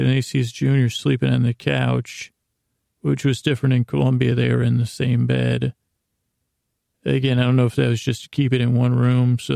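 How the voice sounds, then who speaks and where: A man's voice: medium pitch, gravelly, warm tone, dry recording, clean studio sound. A man casually recapping a TV episode as a podcast host, rambling with many restarts and asides.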